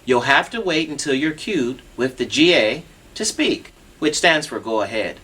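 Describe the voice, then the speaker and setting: A man's voice: mid-range voice, lively intonation, moderate pace, pushed and bright, husky. A man demonstrating assistive telephone equipment on a TV show, patient and instructive, walking through each step.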